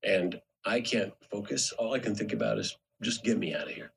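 A man's voice: fairly low pitch, brisk, creaky, husky. A man and actor in casual conversation, telling a story and acting out the people he quotes. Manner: storytelling, animated when quoting. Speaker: actor, podcast co-host.

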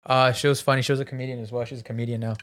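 A man's voice: medium pitch, little pitch movement, rapid-fire. Young man telling a story, swearing freely. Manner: swears freely, acts out his own past lines. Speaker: podcast host. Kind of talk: casual storytelling chat.

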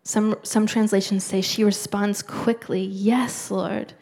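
A middle-aged woman giving an earnest, conversational sermon, often trailing off into soft near-whispers. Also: medium pitch, level tone, slow, creaky, few pauses. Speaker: preacher.

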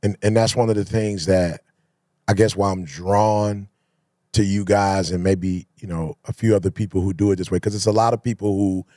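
A man's voice: lowish voice, fairly even intonation, moderate pace, mellow, no echo, clean studio sound. A man hosting a casual conversation, asking reflective questions. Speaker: host.

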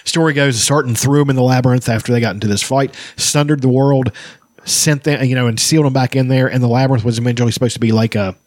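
A man's voice: medium pitch, steady tone, fast, no echo, studio quality. A man in casual chat, rambling and swearing freely, with many restarts and fillers.

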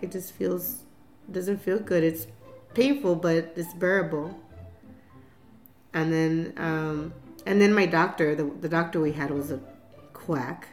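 A woman in her fifties candidly recounting a family story in an interview, laughing often and restarting sentences. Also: on the low side. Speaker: mother telling family story. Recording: echoey room with soft guitar music.

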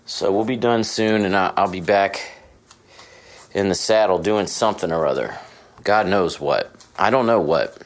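A man with a very low voice talks in a loose, rambling way, full of asides and swearing. His tone is self-deprecating and casual, as a host chatting from a hotel room. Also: normal speed. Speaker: podcast host. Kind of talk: casual monologue.

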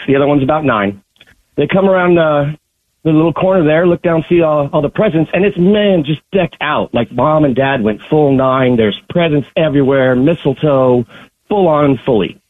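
A male caller with a slightly high, husky voice spins a long-winded joke. He is heard through a thin, phone-like line. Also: no room sound. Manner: drawn-out storyteller. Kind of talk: telling a joke on a call-in.

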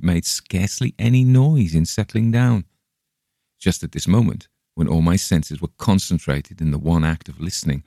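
A male narrator with a very low, gravelly voice reads a storybook tale in a measured, suspenseful way. The sound is dry and close, with no room around it. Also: warm tone, no echo. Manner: measured, suspenseful first-person reading. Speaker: audiobook narrator. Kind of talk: storybook reading.

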